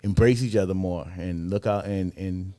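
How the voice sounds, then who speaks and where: Deep, smooth-voiced man asking earnestly. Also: normal speed, warm tone, no echo, studio quality. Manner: searching, full of "you know what I mean". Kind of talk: casual discussion.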